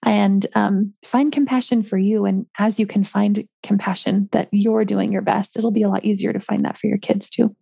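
A woman's voice: medium pitch, level tone, moderate pace, creaky, few pauses, warm tone, husky, no echo, studio quality. A woman hosting a solo parenting podcast, chatting casually with many ums and likes. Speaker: podcast host, parenting coach.

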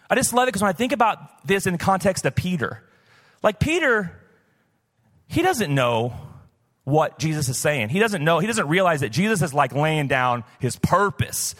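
Pastor, male, 50s, from the southern US; casual storytelling sermon, lightly raised pitch, live hall echo. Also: very animated, moderate pace, a bit bright. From southern United States. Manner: conversational, personal storytelling with many "like" fillers. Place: church, recorded live. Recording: live church hall reverb.

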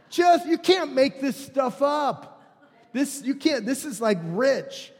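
A man preaching a sermon as pastor, animated and acting out biblical figures with rising volume. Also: extremely high pitch, normal speed, long reverb tail.

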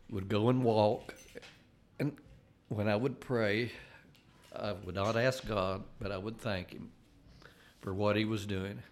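An older man giving an earnest personal testimony, halting and restarting as he talks. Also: fairly low pitch. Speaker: layman giving a faith testimony.

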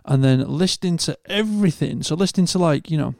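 Sweary Northern English man, gravelly voice. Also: a little high, fast, no room sound, clean studio sound. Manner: sweary, animated storytelling. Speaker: podcast co-host. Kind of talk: casual chat.

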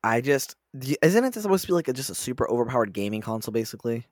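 Young man, podcast co-host, rapid excited talk, dry close mic. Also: medium pitch, no room sound. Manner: fast, excitable, quick to argue. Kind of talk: casual chat. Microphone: online call, separate audio feeds.

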